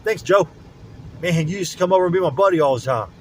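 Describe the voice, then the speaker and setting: A man's voice: high voice, quick pace, a little hiss or hum, poor audio. A man, rambling and agitated as he talks to the camera from his car, repeating himself. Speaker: vlogger. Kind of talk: rambling monologue while driving. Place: in a car on city streets.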